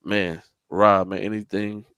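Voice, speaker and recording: A man hosting a high school basketball show, relaxed and casual as he plugs the show. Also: a little slow, clear, resonant tone, dry recording. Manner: relaxed, plugs the show and teases his co-host. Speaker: host. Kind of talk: casual sports show chat.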